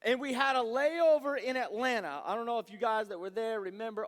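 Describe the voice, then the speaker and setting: A man, a youth pastor, telling a story in a sermon, animated and rambling, with asides like "right?". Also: very high voice, a little fast. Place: church youth service hall. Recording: long reverb of a large hall.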